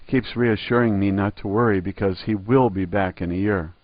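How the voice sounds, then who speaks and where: A man's voice: on the low side, fairly quick, no echo, muffled recording. A man reading a first-person memoir aloud, in a blunt, profane storytelling manner. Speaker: narrator.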